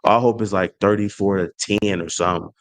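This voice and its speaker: A man hosting his own sports channel, trash-talking a rival team in an animated rant full of slang and restarts. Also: deep voice, fairly quick. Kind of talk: fan rant to camera.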